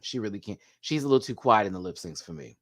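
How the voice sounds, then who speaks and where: A man hosting a live video review, gushing and excitable, chatting to viewers and laughing often. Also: on the low side, fast talker. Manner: chatty, talks back to viewers' comments. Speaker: host reviewing a TV show.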